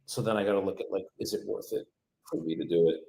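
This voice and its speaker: A man's voice: low-pitched, fairly even intonation, fast talker, a little mellow, poor audio. A man working as a real estate agent, cold calling on a livestream, chatting casually with viewers between calls and turning polite and friendly on the phone, often trailing off and restarting sentences. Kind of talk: live-streamed cold calling with commentary.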